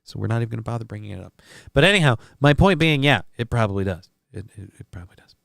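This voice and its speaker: A man's voice: medium pitch, expressive, very fast, gravelly, a bit bright, dry recording, studio quality. Sarcastic rambling male streamer. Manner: rambling, sarcastic, swears freely. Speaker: host. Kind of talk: casual comedic news commentary stream.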